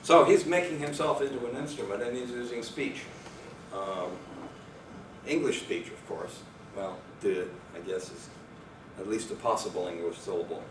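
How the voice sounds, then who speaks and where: A man's voice: fairly low pitch, normal speed. A man giving an academic talk on language and rhythm, thinking aloud with fillers and small self-corrections. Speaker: lecturer. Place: lecture room. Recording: echoey room from far off.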